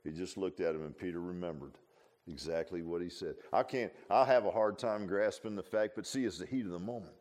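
A preacher with a low-pitched voice talks through his sermon in a folksy, rambling way. He keeps throwing rhetorical questions at the listeners. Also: brisk, a little mellow.

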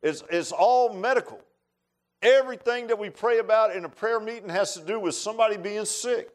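A man's voice: high voice, brisk. A man preaching a sermon in a folksy, emphatic way, with many asides to the congregation. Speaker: pastor.

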